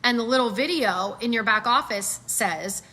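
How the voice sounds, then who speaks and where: A middle-aged woman giving casual sales coaching, animated and acting out customer voices as she talks. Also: fairly high pitch, normal speed. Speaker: sales trainer.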